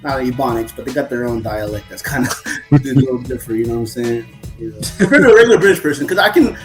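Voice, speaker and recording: Fast, lively man rambling about boxing. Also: medium pitch, soft background music, poor audio. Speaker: podcast co-host. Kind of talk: casual boxing chat.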